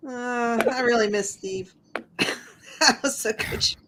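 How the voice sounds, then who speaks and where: A woman co-hosting a live chat show, speaking slowly in a slightly higher voice. She drops dry, laughing asides into the chat, and a faint hiss of noise sits behind her. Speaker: podcast co-host.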